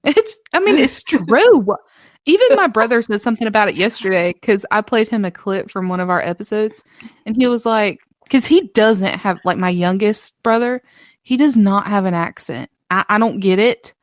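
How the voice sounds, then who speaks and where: A woman's voice: mid-range voice, lively intonation, normal speed, no echo, clean studio sound. A young woman with a light Southern US accent, co-hosting a podcast in casual, chatty talk and swearing freely. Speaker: podcast co-host.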